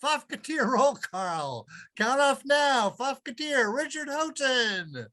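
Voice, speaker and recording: A man's voice: extremely high pitch, very animated, slow, pushed and bright. A man hosting a comedy show, opening it with a showman announcer's delivery. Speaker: host.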